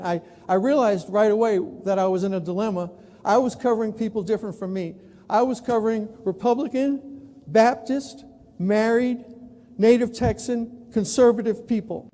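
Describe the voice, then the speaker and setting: A man in his sixties from New York City, giving an animated storytelling keynote talk. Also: sits high, normal speed. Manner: animated, acts out other people's voices. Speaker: keynote speaker, newspaper columnist. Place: large conference hall. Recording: echoey hall with long reverb.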